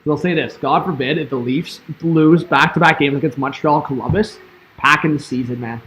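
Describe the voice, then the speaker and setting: A man's voice: a little high, a little fast, fairly bright tone, slight background noise. Chatty guy streaming hockey. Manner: chatty, reads and answers chat, lots of "like" and "man". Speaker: live-stream hockey commentator. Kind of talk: casual live-stream commentary.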